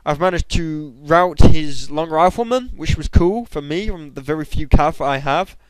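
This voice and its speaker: A young man giving excitable commentary over his own game, bursting into high shouts at times. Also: moderate pace, smooth, no room sound, poor audio. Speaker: gamer. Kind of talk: gameplay commentary.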